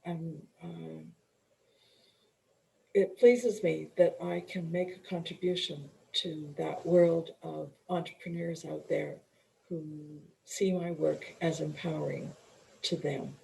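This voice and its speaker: Slow, gravelly-voiced woman. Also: sits low, steady tone, mellow, slight background noise, low-quality recording. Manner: slow and earnest, with restarts and throat-clearing. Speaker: guest, empowerment coach and author. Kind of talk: reflective interview storytelling.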